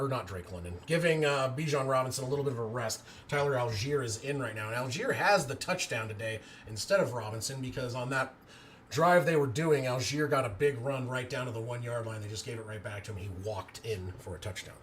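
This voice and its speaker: Fairly quick and mid-range in voice, an amateur football play-by-play man gets excitable and cheers loudly during a live game. Between plays he chats with viewers, and slight background noise can be heard.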